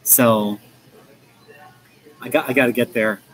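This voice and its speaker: In a coffee shop, an American man chats casually on a livestream, rambling with many restarts and fillers. His mid-range voice is slow with fairly even intonation, and the rough recording picks up faint music and café ambience.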